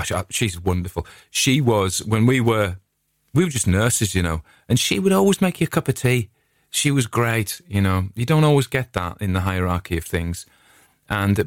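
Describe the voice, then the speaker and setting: A man's voice: fairly low pitch, no room sound, clean studio sound. A middle-aged English man chatting casually, a digressive and friendly storyteller who hosts his own show. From England. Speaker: podcast host. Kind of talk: casual rambling chat.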